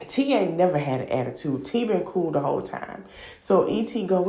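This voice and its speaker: A woman's voice: on the low side, lively intonation, moderate pace, vocal fry, warm tone, echoey room. A woman hosting a podcast, casually recapping a reality show in a gossipy, opinionated, slangy way. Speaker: podcast host.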